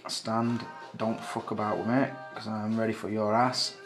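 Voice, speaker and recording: A swaggering man with a fairly low voice, talking loud and brash in a casual hobby vlog. He swears constantly and brags about his own work. Soft music sits faintly behind him. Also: level tone, normal speed. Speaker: action figure collector vlogger.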